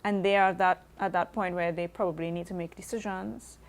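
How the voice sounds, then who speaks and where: A woman's voice: fairly low pitch, steady tone, a little fast. Encouraging woman interviewer. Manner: encouraging, frequent affirmations. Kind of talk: conversational interview.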